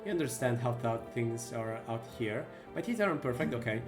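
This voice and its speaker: A man voicing a quiet, bitter stranger who was bullied over his teeth. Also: mid-range voice, expressive, moderate pace, music in the background, natural voice.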